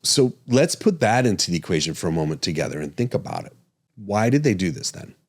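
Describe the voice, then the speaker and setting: A man's voice: deep voice, sing-song, a little fast, faint music behind. A man hosting a podcast, talking casually and animatedly, chuckling and correcting himself as he goes. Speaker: podcast host and physician.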